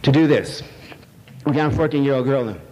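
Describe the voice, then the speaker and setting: A man's voice: medium pitch, a little fast, a little mellow. A man giving a live lecture to an audience, rambling, wry and irreverent. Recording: long hall reverb, faint noise.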